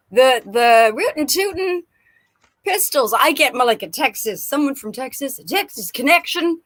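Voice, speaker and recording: A woman giving a playful live tarot reading, animated and quick to laugh. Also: sits high. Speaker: tarot and oracle card reader. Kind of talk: live-stream card reading.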